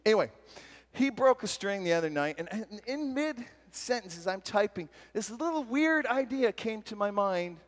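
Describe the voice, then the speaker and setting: Animated man telling stories in a reverberant hall. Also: high voice, moderate pace. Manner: animated, laughing, self-deprecating storytelling. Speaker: retreat speaker. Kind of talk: storytelling sermon talk. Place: large hall at a retreat. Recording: long hall reverb from a live talk.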